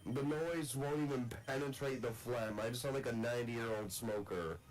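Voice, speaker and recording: A man's voice: mid-range voice, normal speed, rough recording. A man with a congested, phlegmy voice from illness, chatting crudely and rambling with friends. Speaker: friend on stream. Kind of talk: casual chat.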